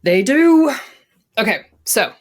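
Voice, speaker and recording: An American woman co-hosting a podcast, chatting casually with animated, sarcastic asides as she recaps a TV episode. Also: fairly high pitch, takes it slowly. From United States. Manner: animated, sarcastic asides, jumps between topics. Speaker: podcast co-host.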